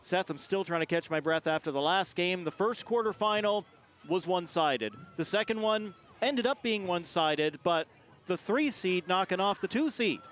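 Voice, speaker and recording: Energetic play-by-play man, rugby call. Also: sits high, moderate pace. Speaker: play-by-play commentator. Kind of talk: live sports commentary.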